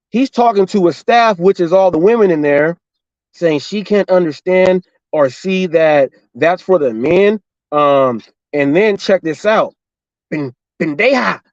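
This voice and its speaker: A man's voice: high-pitched, no echo, highs cut off. A middle-aged man from Southern California, a delivery driver and show host, telling a story in a casual monologue and acting out the dialogue with lots of repetition. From Los Angeles and Orange County, California. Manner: animated, repetitive retelling with quoted dialogue.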